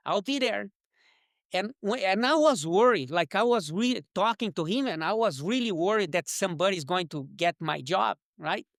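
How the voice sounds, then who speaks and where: A Brazilian man with a strong Portuguese accent tells his life story as an interview guest. His English comes quickly and breaks into many restarts. The recording is dry and close, with no room echo. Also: high voice. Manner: fast, animated, broken English with restarts. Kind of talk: personal storytelling.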